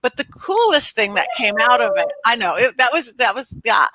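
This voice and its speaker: A woman's voice: a little high, moderate pace, no echo, poor audio. A woman who works as a spirit medium, telling a dramatic story as an interview guest and acting out the lines of the people in it. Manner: animated, dramatic storyteller who acts out quotes.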